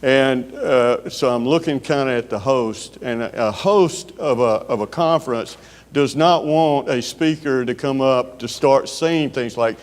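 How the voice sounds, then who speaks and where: Delivering his keynote in a folksy, storytelling style, a man with a Southern US accent pauses frequently on filler words. His medium-pitched voice sounds smooth and resonant as long reverb echoes through the big conference hall.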